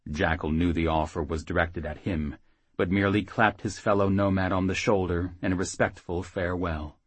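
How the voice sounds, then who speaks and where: A man narrates a fantasy audiobook in a steady, even read. His voice is very low and husky. The sound is close and dry, with no room at all. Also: moderate pace, dry recording.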